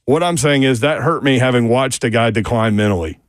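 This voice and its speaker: A man's voice: medium pitch, brisk, no echo. A man hosting a sports radio show, chatting casually and reading listener messages.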